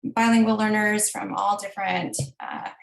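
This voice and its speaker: A woman from the audience asking a question hesitantly, with many pauses and fillers. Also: medium pitch, steady tone, vocal fry. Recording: distant and echoey.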